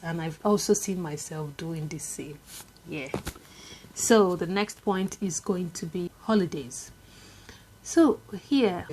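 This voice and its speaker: Nigerian woman vlogging, low-ish voice, chatty, lots of likes and ums. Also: darkish tone, a little hiss or hum. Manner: chatty, repetitive, lots of "like" and "um" fillers. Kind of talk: casual talking-to-camera vlog.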